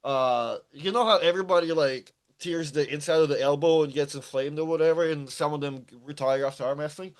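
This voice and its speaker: A chatty man co-hosting a livestream, his voice a little higher than most men's. He tells stories with animated energy and keeps the talk flowing. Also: fairly quick, hardly any pauses. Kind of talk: casual livestream chat.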